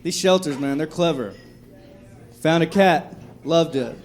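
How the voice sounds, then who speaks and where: A man's voice: a little high, very animated, measured pace, pauses often. A young adult man doing a stand-up comedy set on a club stage, profane and rambling, often laughing at his own jokes. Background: audience laughter.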